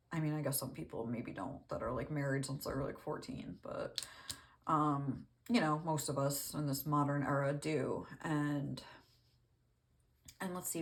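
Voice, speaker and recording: A woman reading tarot cards, talking casually and rambling with many fillers. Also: sits low. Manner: rambling, lots of "like", laughs often. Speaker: tarot reader.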